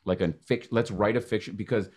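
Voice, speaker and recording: A man from Canada hosting a podcast, talking in an animated, joking way with quick restarts. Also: on the low side. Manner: animated, talks fast with restarts and jokes. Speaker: podcast host. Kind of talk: casual interview chat.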